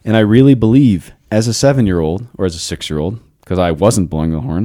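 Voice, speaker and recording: Male podcast host in his thirties, very deep voice, lively storyteller, casual chat. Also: brisk. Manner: storytelling, animated, laughs often. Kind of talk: casual philosophical discussion.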